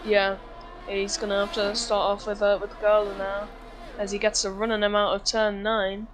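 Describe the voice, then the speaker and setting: A woman's voice: mid-range voice, completely flat delivery, moderate pace, slight background noise. Casual female race co-commentator. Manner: casual, agreeable, laughs easily. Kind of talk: live sim-racing commentary.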